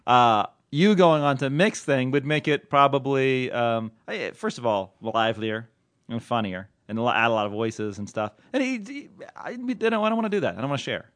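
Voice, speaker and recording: A man's voice: mid-range voice, expressive, fairly bright tone, no echo. A man co-hosting a podcast, joking and restarting his sentences in casual banter. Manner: joking, halting, self-interrupting. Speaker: podcast host.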